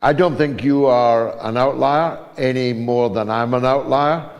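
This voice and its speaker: Slow-spoken older talk show host. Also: male voice, medium pitch, big-room sound, lo-fi sound. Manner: slow, deliberate delivery with frequent pauses. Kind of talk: call-in radio talk.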